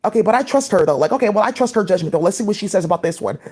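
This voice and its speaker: A woman's voice: medium pitch, lively intonation, rapid-fire, dark tone, husky. A woman talking in a rambling, scattered monologue as a vlogger, with many "like" fillers.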